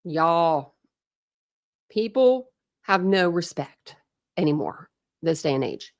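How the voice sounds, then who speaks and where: A woman's voice: on the low side, sing-song, slow, no room sound, clean studio sound. A woman hosting a casual livestream from home, chatty and breathless, greeting viewers by name with frequent laughs. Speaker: livestream host. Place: home room with dogs.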